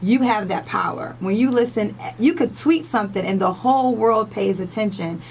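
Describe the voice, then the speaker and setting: A woman's voice: medium pitch, moderate pace, vocal fry, slight background noise, low-quality recording. A woman from the United States co-hosting a radio morning show, speaking earnestly and emotionally, close to tears at times and repeating herself. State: crying at times.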